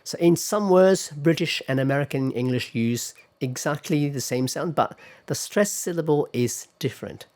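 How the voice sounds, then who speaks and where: A man's voice: fairly high pitch, normal speed, hardly any pauses, darkish tone. A man giving a classroom lecture on pronunciation, patiently explaining step by step and putting questions to his students.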